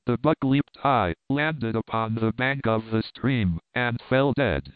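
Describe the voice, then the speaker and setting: A man narrating an adventure novel in a steady, measured reading. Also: medium pitch, clear, resonant tone, no echo. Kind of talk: audiobook narration of adventure fiction. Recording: tinny, band-limited dry audio.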